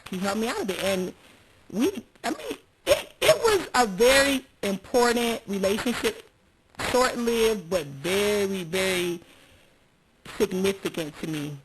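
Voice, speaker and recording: A woman's voice: medium pitch, animated, a little slow. Frank woman guest on a podcast. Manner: open and frank, with lots of agreeing murmurs. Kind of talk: casual chat. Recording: loud background noise.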